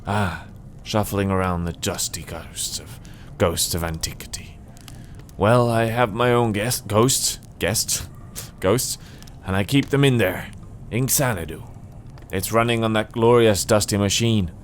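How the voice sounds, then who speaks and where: A man's voice: lowish voice, slight background noise, close to an everyday voice. A man voicing a weary, mournful recluse. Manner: slow, soft, mournful delivery. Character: gloomy reclusive male software creator, weary. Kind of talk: voice acting a game's dialogue.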